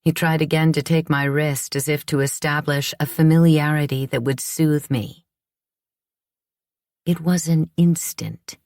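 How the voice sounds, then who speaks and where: A woman reads a first-person audiobook in a measured, reflective way. Her voice sits low for a woman, and the recording is dry and close with no room sound. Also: steady tone, a little mellow, no room sound. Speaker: audiobook narrator. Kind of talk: scripted first-person narration.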